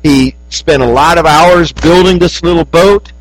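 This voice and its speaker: A man preaching a sermon, telling a story that rises high and then drops soft. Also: measured pace, dry recording, rough recording.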